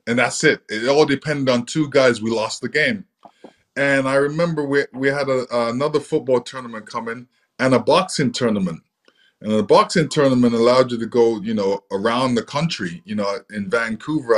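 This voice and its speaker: A man from England, a guest in an interview, telling stories from his youth in a relaxed, easygoing way with lots of "you know.". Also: medium pitch. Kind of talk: relaxed storytelling.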